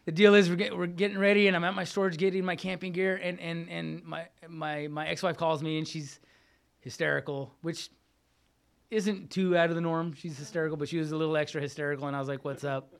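A man's voice: fairly high pitch, fairly even intonation, a little fast, vocal fry, smooth. A middle-aged man giving a casual, heartfelt recovery testimony, often repeating phrases and calling listeners "man.". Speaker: speaker sharing at a recovery meeting.

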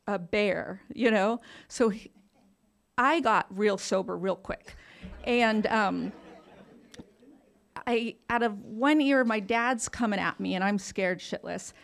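A woman's voice: a little high, slow pace, vocal fry, a bit bright. A woman frankly telling her own recovery story, self-deprecating and casually swearing, laughing through painful memories. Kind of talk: candid personal storytelling.

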